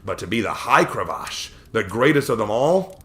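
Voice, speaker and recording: Low-voiced man reading his own story. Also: very animated, moderate pace, sharp tone. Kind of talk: reading a first-person story aloud.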